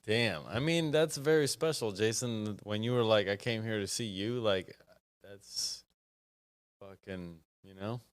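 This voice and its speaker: A laid-back male podcast host reacts to a guest with short, easygoing remarks and the odd curse. He speaks slowly in a lowish voice. The sound is dry and close, with little room to it. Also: clear, resonant tone, dry recording. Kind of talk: casual chat.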